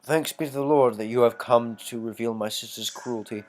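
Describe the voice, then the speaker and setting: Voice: mid-range voice, normal speed, a little mellow, lightly acted. A player doing a solemn, grateful pious man.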